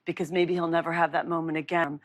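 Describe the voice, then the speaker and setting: A woman with a low voice reminiscing in casual conversation. She talks thoughtfully and fills her sentences with "like". Her delivery is soft and unhurried. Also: flat delivery. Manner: thoughtful, peppered with "like".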